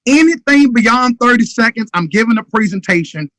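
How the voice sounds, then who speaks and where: A man's voice: very high-pitched, animated, moderate pace, a bit bright, no echo, poor audio. A man giving a motivational business talk in an urgent, emphatic way, sometimes acting out sales calls. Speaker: motivational speaker.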